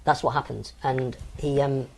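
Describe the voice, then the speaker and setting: A man's voice: medium pitch, fairly even intonation, normal speed, creaky, a crowd in the background. A man in his sixties from England, an interview guest recounting personal experiences in a hesitant way, with frequent ums and restarts. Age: 60s.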